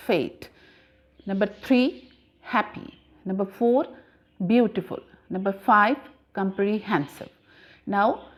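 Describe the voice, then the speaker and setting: A woman teaching a grammar lesson, explaining slowly and repeating points, with frequent pauses. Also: medium pitch. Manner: slow, deliberate, repeats points with many "uh" pauses. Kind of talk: classroom lesson explaining syllables.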